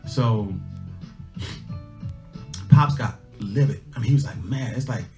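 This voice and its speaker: A man's voice: medium pitch, slow, warm tone. A middle-aged man hosting a livestream, telling a casual personal story and driving home life lessons with emphatic repetition. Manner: folksy, emphatic, repeats his lessons. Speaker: livestream host. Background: faint guitar music.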